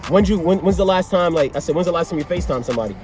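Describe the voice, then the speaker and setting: An excitable young man tells a storytime on his vlog, jumping into the voices of everyone involved. He talks fast in a fairly high voice, and a bit of music plays softly behind him. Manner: excitable, acts out both sides of the conversation, lots of slang. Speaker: vlogger.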